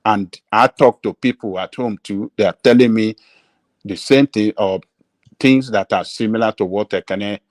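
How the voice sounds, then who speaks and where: A Nigerian man arguing in a heated online political discussion, insistent and halting, slipping into Pidgin. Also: on the low side, no echo. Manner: insistent, hesitant, mixes in Pidgin. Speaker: panelist.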